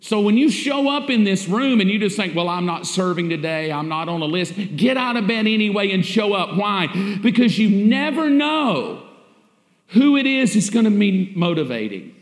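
A man's voice: high voice, sing-song, normal speed. A man preaching a sermon as pastor, emphatic and repetitive, with rhetorical questions to the congregation. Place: church sanctuary. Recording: echoey church hall.

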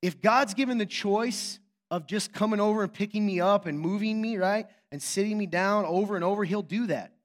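A man in his thirties preaching a sermon as pastor, telling a story with swings between hushed and loud delivery. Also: high voice, fairly quick, few pauses.

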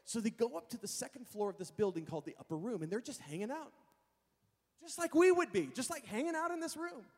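A man preaching a sermon, telling a personal story in an animated way and calling out to his congregation. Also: extremely high pitch, fast. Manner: animated, acts out voices, addresses the congregation. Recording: reverberant hall.

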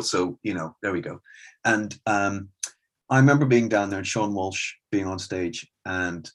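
A middle-aged man, a stand-up comedian and club owner, telling animated anecdotes in an interview and acting out the conversations he recalls. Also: fairly low pitch. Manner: animated storyteller, acts out quoted exchanges.

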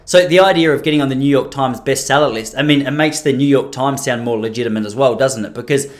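A man's voice: medium pitch, quick pace. A man hosting his own podcast, rambling and self-deprecating in casual chat. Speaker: podcast host.

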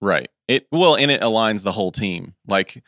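A man's voice: lowish voice, lively intonation, normal speed, fairly bright tone, no room sound. Confident man, dry close sound. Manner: confident, emphatic. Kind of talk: casual podcast conversation.

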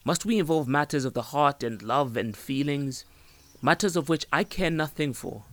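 A man voicing a sharp-tongued young woman who answers with sarcasm and brisk retorts, in a storybook reading. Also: a little high, expressive, no echo, pitched above the performer's own voice. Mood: irritated.

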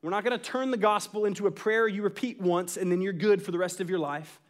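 A man in his thirties preaching a sermon, telling a family story with animated asides and acting out quotes. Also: sits high, fast. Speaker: pastor.

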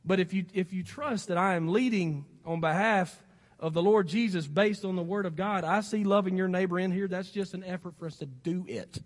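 A man's voice: high-pitched, fairly quick. A man preaching a sermon as pastor, with a Southern accent and a folksy, exhorting way of talking. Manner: folksy and exhorting, rising to emphatic peaks. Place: church sanctuary. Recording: long hall reverb.

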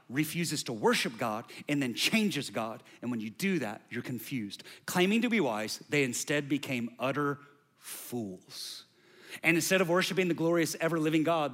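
A male pastor delivers a sermon with a bright, slightly high voice. He talks to the congregation as if in conversation and checks in with them. His energy swings from loud, emphatic bursts to quiet, low lines.

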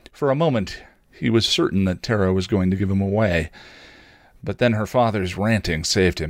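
A male podcast host reading fan fiction aloud with expressive storytelling. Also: low voice, moderate pace, no echo, studio quality.

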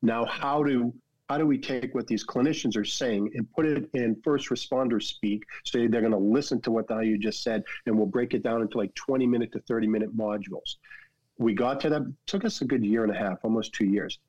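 A man's voice: medium pitch, fairly quick, a little mellow, no room sound. Boston guy on a podcast, earnest, keeps restarting his sentences, kinda dull dry lo-fi sound. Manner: earnest and emphatic, frequent word repeats and restarts. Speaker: podcast guest, foundation founder. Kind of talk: candid conversational interview.

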